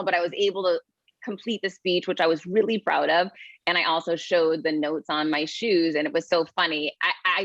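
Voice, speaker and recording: Woman, podcast guest, energetic, emphatic, dry, dull sound. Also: fairly low pitch, no echo. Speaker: guest, keynote speaker and author. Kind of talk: podcast interview, motivational storytelling.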